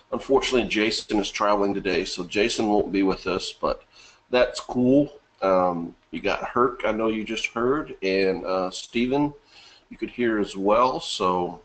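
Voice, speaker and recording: A man's voice: fairly low pitch, fairly bright tone. A man with a bad cough hosting a live webinar in a casual way, greeting viewers by name from the chat and laughing often. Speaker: webinar host.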